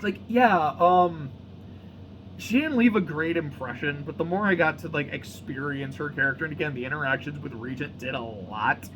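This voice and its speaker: A young man giving a casual, excitable book reaction, rambling and swearing freely. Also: a little high, normal speed, slight background noise, rough recording. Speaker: reaction channel host.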